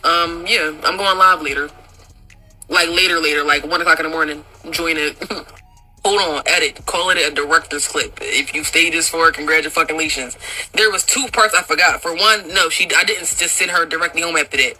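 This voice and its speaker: A young woman telling a story to her viewers in a very bright, sharp voice. She talks in an animated, profane way and laughs often as she goes. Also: deep voice, normal speed, rough recording. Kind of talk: casual storytime monologue.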